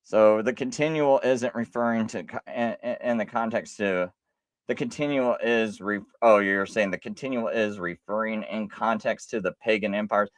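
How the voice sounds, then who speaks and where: A man hosting a live stream, talking casually and insistently, with halting restarts as he argues a point. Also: lowish voice, dry recording.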